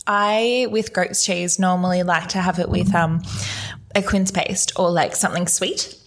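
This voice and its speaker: A woman co-hosting a podcast, chatting casually through a wine and cheese tasting, bubbly and quick to laugh. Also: on the low side, fairly even intonation. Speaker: podcast co-host.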